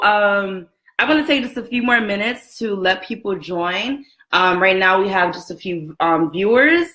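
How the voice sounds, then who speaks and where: A woman in her twenties hosting a casual live video chat from a room at home, chatty and lively, greeting viewers by name and laughing often. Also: mid-range voice. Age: 20s. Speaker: livestream host. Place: room at home with a roommate next door. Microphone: camera and phone set up for a live stream.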